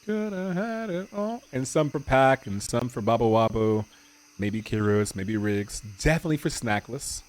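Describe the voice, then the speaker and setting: A man streaming a game, reading its narration aloud slowly and deliberately and breaking off for casual, jokey asides to his chat. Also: fairly low pitch. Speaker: gaming streamer.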